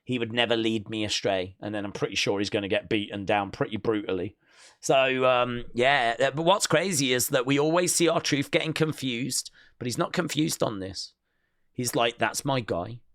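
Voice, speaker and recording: A man's voice: medium pitch, normal speed, a bit bright, dry recording, studio quality. A man hosting a wrestling news show, chatting casually and laughing often as he reacts to clips.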